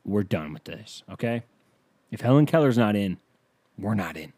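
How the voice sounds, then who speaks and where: A blustering, exasperated male dictator barking in a clumsy, bad German accent, as a comedian puts him on. The voice is mellow and sits at a middling pitch, recorded dry and close with no room sound. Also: expressive, moderate pace, no echo.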